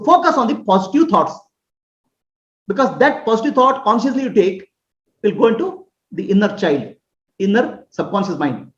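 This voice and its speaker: A woman with a fairly high voice gives an earnest spiritual talk, explaining step by step and checking that her listeners understand. The recording is roomy and a little dull, as if captured in an echoing space with modest equipment. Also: expressive, normal speed. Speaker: spiritual teacher. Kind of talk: spoken teaching on self-acceptance.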